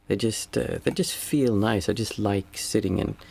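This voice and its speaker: Man, husky and gravelly, low voice, unhurried livestream chat. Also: a little mellow. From Sweden. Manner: unhurried, reflective, reads out chat messages. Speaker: meditation teacher. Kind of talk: casual livestream chat with viewers.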